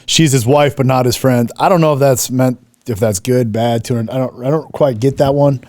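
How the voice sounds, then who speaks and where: A man's voice: mid-range voice, steady tone, moderate pace, darkish tone, dry recording, studio quality. A man co-hosting a casual chat, mocking commenters in a cocky way and swearing freely. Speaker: podcast co-host.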